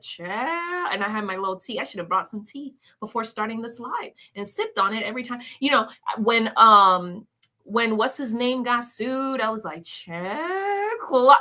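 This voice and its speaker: A woman's voice: on the high side, bright, forceful tone. A woman hosting a casual commentary livestream, reading viewer comments aloud and reacting with laughs and exclamations, often calling her viewers "y'all.". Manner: chatty, addresses viewers as "y'all".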